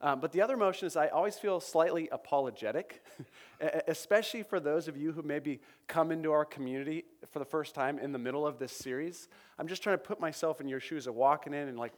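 A man preaching a sermon to his congregation, talking in a conversational, self-correcting and energetic way. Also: on the high side, fast talker. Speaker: pastor. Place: church.

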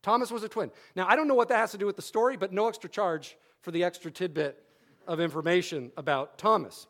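A man's voice: high voice, fast talker, fairly bright tone. A man preaching a sermon, repeating key phrases for emphasis and adding wry humorous asides.

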